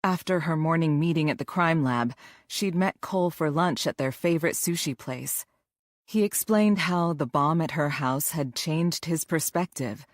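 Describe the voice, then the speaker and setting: Woman, audiobook narration, measured and even, low voice, dry close sound. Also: dry recording.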